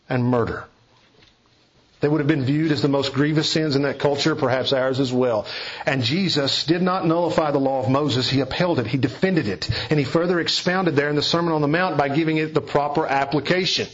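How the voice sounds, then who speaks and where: A male pastor delivers an earnest sermon with a husky, slightly breathy voice at a middle pitch. He leans hard on his key phrases. The recording is dull and lo-fi. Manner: earnest, emphatic preaching with stressed key phrases.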